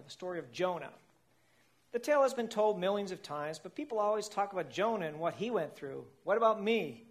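A man telling a comic story in the first person as a whale, playful and laughing at his own lines. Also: high voice.

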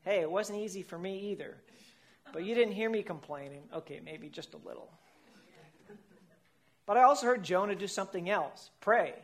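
A man tells a comic first-person story, speaking as a whale, in a playful voice that sits fairly high for a man. He often breaks into laughter at his own lines. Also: lively intonation, normal speed, pauses often.

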